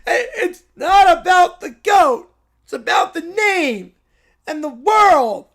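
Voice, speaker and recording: A shrill, squealing little bald boy, as a man puts him on, throwing a jealous crying tantrum and yelling every line. The voice sits well above a grown man's usual pitch and keeps breaking into whiny sobs. It comes from a silly story read aloud in voices. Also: animated, slow, heavily acted.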